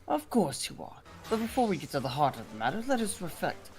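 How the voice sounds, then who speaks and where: A woman's voice: fairly low pitch, sing-song, fast, slight background noise, low-quality recording. A woman hamming up a grandiose scheming fiend-loving host. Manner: grandiose, archaic and theatrical delivery. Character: theatrical scheming festival host who befriends fiends. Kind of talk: dramatic reading of game dialogue.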